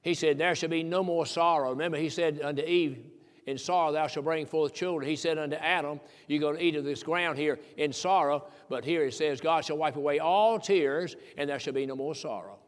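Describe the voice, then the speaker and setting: An older man from Tennessee preaching a sermon in a folksy, emphatic way that builds into fervent peaks. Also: a little high. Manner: folksy, emphatic preaching with rising fervor and chuckles. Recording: long reverb of a church hall.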